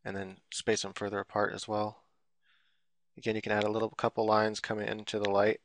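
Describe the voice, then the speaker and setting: A man's voice: lowish voice, completely flat delivery, brisk, no room sound. A man giving a casual, rambling drawing tutorial while he works on screen, full of fillers and loose explanations. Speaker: drawing instructor.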